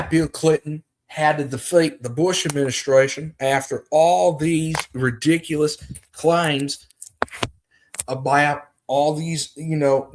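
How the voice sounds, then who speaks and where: A man doing an impression of an older former president giving a drawn-out, speechifying campaign talk. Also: fairly high pitch, pitched above the performer's own voice. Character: older male ex-president, folksy campaign speaker.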